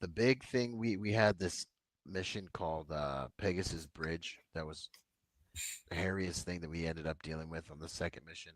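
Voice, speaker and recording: Guy with a really low voice, rambling through his war stories, dry close mic sound. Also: normal speed, no room sound. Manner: relaxed, rambling war stories with filler words. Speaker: podcast guest, veteran. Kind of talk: casual storytelling.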